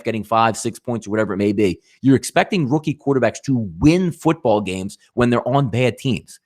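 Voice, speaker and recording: A man hosting a live sports betting show, talking animatedly with rhetorical questions and addressing viewers as folks. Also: mid-range voice.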